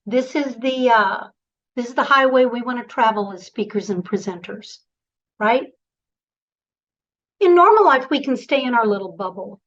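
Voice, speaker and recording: A woman's voice: fairly high pitch, expressive, normal speed, pauses often, muffled recording. A woman coaching presenters in an online workshop, encouraging and directive, speaking over a video call.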